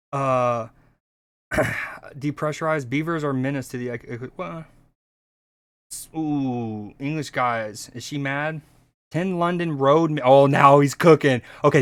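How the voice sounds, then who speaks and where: Man, streamer, casual reaction chat, rambling, profane, fairly high voice, dry. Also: clean tone, no room sound. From United States. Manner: rambling, profane, restarts often.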